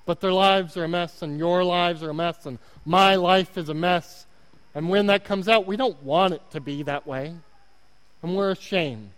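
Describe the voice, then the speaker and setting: A man's voice: high voice, normal speed, a bit bright, smooth. A man with an Oklahoma accent preaching a sermon as a guest pastor, earnest and self-deprecating, repeating words for emphasis. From Oklahoma, United States. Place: church. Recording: long hall reverb.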